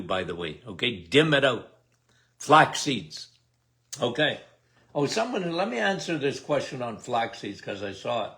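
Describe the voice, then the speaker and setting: With a medium-pitched, fairly bright voice, an older man runs a casual live health Q&A, answering viewers' questions. He's folksy and emphatic, tacking "okay?" onto his points over and over.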